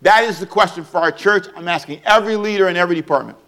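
A man preaching a sermon as pastor, repeating rhetorical questions and swinging between hushed and loud delivery while calling on the congregation to respond. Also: high-pitched, rapid-fire, hardly any pauses.

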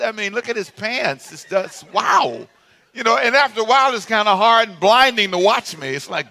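A man's voice: high-pitched, normal speed, sharp tone. A middle-aged male pastor preaching a sermon in a humorous, playful way, drawing responses from the congregation.

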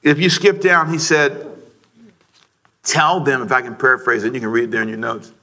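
A middle-aged man preaching a sermon to a congregation, lively and joking, rising to shouts. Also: medium pitch, moderate pace. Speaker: pastor. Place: church sanctuary before a congregation.

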